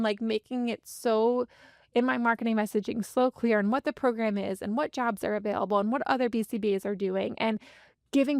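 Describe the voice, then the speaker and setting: A woman in her thirties hosting a podcast, talking earnestly and from the heart, speeding up and slowing down to stress her points. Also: on the high side, creaky, no echo, clean studio sound. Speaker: podcast host and business coach. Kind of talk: candid motivational podcast monologue.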